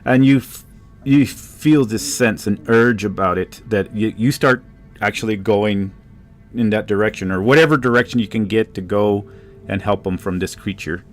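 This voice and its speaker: A man narrating a tabletop game as game master, halting and searching for words. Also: lowish voice, steady tone, faint music behind.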